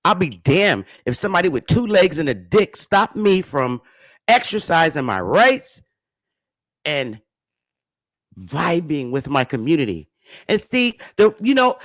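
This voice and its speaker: A woman from Connecticut hosting her own livestream, ranting bluntly and with plenty of profanity, swinging between loud, animated bursts and quieter, lower stretches. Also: no room sound. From Bridgeport, Connecticut. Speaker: livestream host. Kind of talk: casual livestream rant to her audience.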